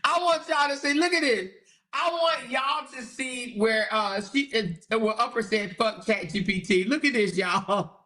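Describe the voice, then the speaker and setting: Bright-voiced woman livestream host. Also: high voice, measured pace. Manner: laughs often, swears freely, reads viewer comments aloud. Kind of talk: casual livestream commentary.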